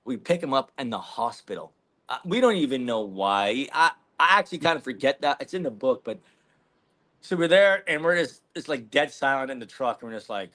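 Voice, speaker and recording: A man's voice: medium pitch, very animated, brisk, fairly bright tone. A man, a podcast guest telling a rambling, profane story in casual chat. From Canada.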